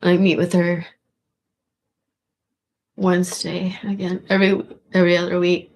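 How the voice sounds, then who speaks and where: Slow, gravelly-voiced woman rambling. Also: on the low side, completely flat delivery, darkish tone. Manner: rambling, with frequent restarts and swearing. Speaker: vlogger. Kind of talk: casual rambling monologue.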